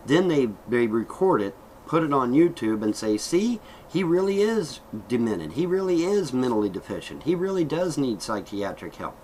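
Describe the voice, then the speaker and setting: A man's voice: lowish voice, a little mellow, a little hiss or hum, low-quality recording. Middle-aged guy ranting on his vlog, aggrieved and heated, cussing a lot, voice jumps all over the place. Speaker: vlogger. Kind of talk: angry vlog rant.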